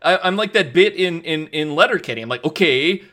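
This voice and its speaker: A man's voice: on the high side, animated, fairly quick, sharp tone. A Canadian man co-hosting a TV recap podcast, rambling and joking in casual chat. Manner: rambling, jokey, trailing off and restarting. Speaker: podcast co-host.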